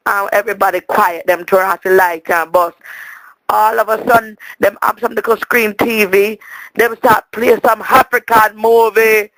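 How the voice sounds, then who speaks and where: Man doing a high gravelly Jamaican lady. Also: little pitch movement, normal speed, fairly bright tone, low-quality recording. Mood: exasperated. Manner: rambling, stammering, complaining. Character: chatty indignant Jamaican woman on a voicemail. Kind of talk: comic monologue as a voicemail.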